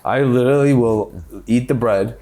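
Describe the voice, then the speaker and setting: A man co-hosting a podcast, telling crude, animated stories in casual comedic chat and swearing freely. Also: mid-range voice, moderate pace. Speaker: podcast co-host.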